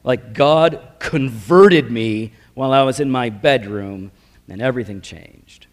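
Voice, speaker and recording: A man's voice: medium pitch, measured pace. Man telling his story in a reverberant hall. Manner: casual, self-deprecating storytelling with slang fillers. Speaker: preacher giving his testimony. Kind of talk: personal testimony talk. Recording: long reverb of a large hall.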